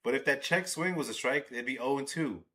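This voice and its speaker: Male streamer, bright edgy voice, excitable and profane, live watch-along commentary. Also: medium pitch, fairly quick, slight background noise. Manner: excitable, swears, talks to chat. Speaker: livestream host.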